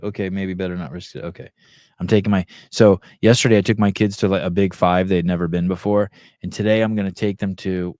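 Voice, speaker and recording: A middle-aged man talks in a loose, rambling way, swearing freely as he tells a story and reads comments aloud. His voice sits on the lower side. The sound is dry and close, with no room around it. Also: level tone, fairly quick, darkish tone, no echo. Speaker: podcast host. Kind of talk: casual profane storytelling chat.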